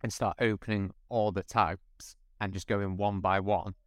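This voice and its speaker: A man's voice: fairly low pitch, fairly even intonation, a little slow, dry recording, clean studio sound. A man speaking as a podcast guest, explaining steadily in casual conversation.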